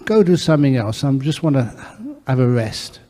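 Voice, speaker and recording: A man's voice: medium pitch, lively intonation, moderate pace, dark tone, close to an everyday voice. A man, a Buddhist monk, voicing a tired, impatient working father in a story. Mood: weary. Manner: curt and dismissive. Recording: long hall reverb.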